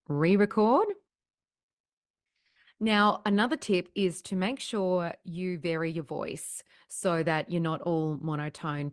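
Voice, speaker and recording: A woman trainer walks through a software demo step by step in an upbeat, explaining manner. Her voice sits a touch low for a woman, and the sound is close and dry, with no room around it. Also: no echo. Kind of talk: recorded software tutorial walkthrough. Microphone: desk microphone.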